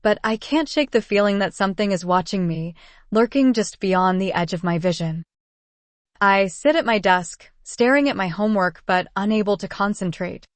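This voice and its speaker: Brief: female audiobook narrator, measured and steady storytelling read, middle-pitched voice. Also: dry recording. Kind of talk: scripted first-person narration.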